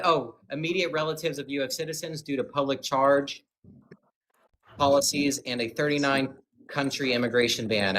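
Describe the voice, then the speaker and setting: A man on a livestream debate panel who reads out sources haltingly and needles the guests. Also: medium pitch, a bit bright, a little hiss or hum, poor audio.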